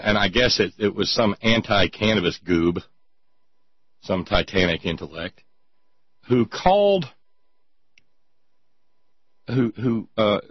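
A man's voice: on the low side, husky, no echo. A man hosting a talk show, mocking his topics in casual sardonic commentary and reading listener notes aloud. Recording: dull lo-fi sound.

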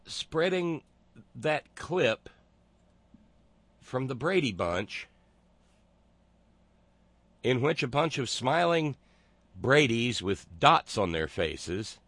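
A male talk host delivers sarcastic commentary at a slow, deliberate pace, often stopping on fillers and restarts. His voice sits at an ordinary middle pitch. The sound is dry and close, with no room around it. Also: very animated, a bit bright, dry recording. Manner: sarcastic, halting with many fillers. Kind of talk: casual commentary.

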